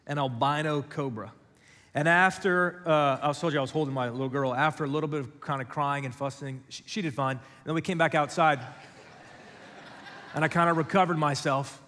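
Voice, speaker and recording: A man preaching a sermon, telling stories and acting out voices, then dropping low and quiet for key points. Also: fairly quick. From West Africa. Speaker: pastor. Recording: long hall reverb.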